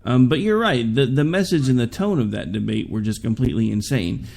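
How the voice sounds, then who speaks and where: With lively intonation and a brisk pace, a man hosts a political talk show podcast, his medium-pitched voice gravelly and darkish in tone. He talks casually, shares opinionated views, and throws in sarcastic remarks.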